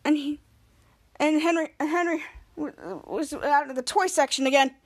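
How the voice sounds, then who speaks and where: A woman's voice: sits high, moderate pace. A woman podcast host casually retelling a TV episode scene by scene, rambling and restarting often.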